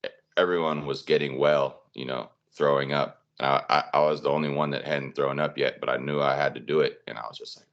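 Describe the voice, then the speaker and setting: A man's voice: a bass voice, fairly even intonation, fairly quick, a bit bright, lo-fi sound. A man telling personal stories in a casual podcast chat, rambling with many fillers.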